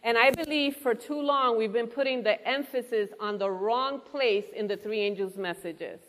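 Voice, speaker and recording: Female preacher, earnest sermon delivery, fairly high voice, church hall with a long echo. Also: moderate pace, fairly bright tone. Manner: earnest, engaging the audience with questions. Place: church hall before a congregation.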